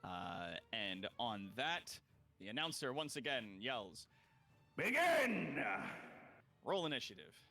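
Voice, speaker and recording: Male game master, playful and chatty, lively pitch, unhurried pace. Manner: laughing, filler-heavy, playful. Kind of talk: casual tabletop game narration.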